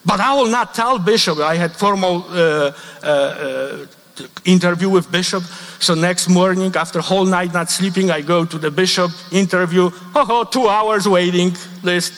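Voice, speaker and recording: High-voiced priest with Polish accent. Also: male voice, a bit bright. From Poland. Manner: emphatic, repeats quoted lines slowly, non-native grammar. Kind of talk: sermon with personal testimony. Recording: long reverb of a large hall.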